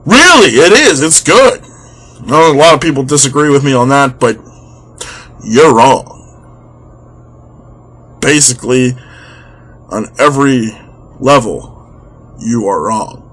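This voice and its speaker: A man's voice: mid-range voice, expressive, slow, pauses often, a bit bright, breathy edge. A young man ranting on his vlog, exasperated and sarcastic, swearing freely. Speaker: vlogger. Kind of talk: comedic rant.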